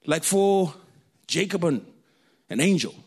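A man from Kenya, preaching a sermon through animated, jokey personal stories. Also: fairly high pitch, a little slow, breathy edge. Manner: animated, jokey storytelling, laughs often.

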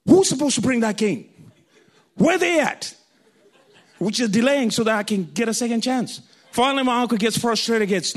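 A man from Kenya, preaching a sermon through animated, jokey personal stories. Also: very high voice, moderate pace. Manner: animated, jokey storytelling, laughs often.

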